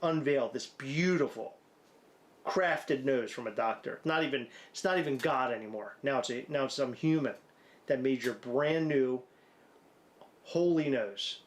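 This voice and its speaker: A man's voice: mid-range voice, a little slow. A man co-hosting a podcast, rambling through crude, absurd hypotheticals with profane banter. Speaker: podcast co-host.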